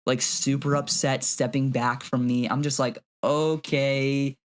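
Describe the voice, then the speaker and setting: A young man co-hosting a podcast, telling a story in an animated, casual way with plenty of "like" and swearing. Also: medium pitch, measured pace. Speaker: podcast co-host. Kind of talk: casual chat.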